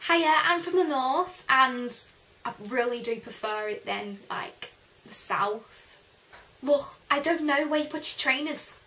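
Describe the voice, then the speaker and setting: A woman's voice: high-pitched, measured pace, bright, forceful tone, exaggerated voice, rough recording. A woman doing a blunt northern English lass. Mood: bossy. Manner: blunt, scolding.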